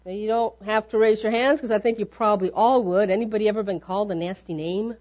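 A woman's voice: medium pitch, fast. A woman pastor preaching a sermon in a church, talking to the congregation in an easy, conversational way and often asking them questions. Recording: dull lo-fi sermon recording.

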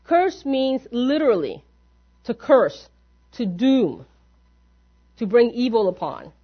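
A woman with a slightly high voice preaches a sermon, speaking conversationally and turning often to rhetorical questions. The recording is dull and muffled, as if from a low-fidelity church tape. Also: sing-song, slow. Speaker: pastor.

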